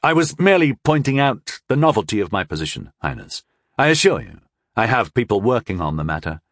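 A man voicing a wary male court wizard in an audiobook, speaking in a measured, restrained and deferential way. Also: on the low side, big pitch swings, no room sound, clean studio sound. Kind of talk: audiobook character voice.

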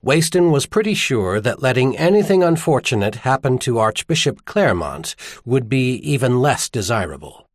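A man narrating a novel as an audiobook in an expressive storytelling manner. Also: medium pitch, moderate pace, few pauses, dry recording, studio quality. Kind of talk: scripted narration.

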